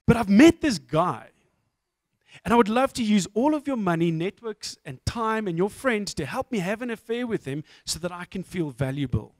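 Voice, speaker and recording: A man's voice: high voice, very animated, normal speed, a little mellow, no room sound, studio quality. A man voicing a wife who speaks in a coaxing, affectionate way. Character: wife confessing an affair, sweet then pleading.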